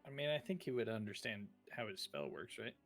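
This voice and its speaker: A somewhat low man with a gravelly, bright edge talks through his moves in a tabletop game. He rambles playfully, full of likes and uhs. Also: expressive, faint music behind. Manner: rambling, playful, slips into quick in-character lines. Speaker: player. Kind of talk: casual tabletop game play.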